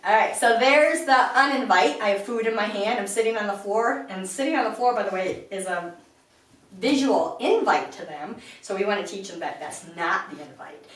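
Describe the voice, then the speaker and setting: A woman trainer teaches a puppy lesson from the floor of a very echoey room, her voice picked up from a distance. Her pitch swings widely, and calm explanations give way to high, bright praise for the dog. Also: moderate pace. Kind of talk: instructional explanation. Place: indoors, sitting on the floor. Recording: very echoey room, voice far from the mic.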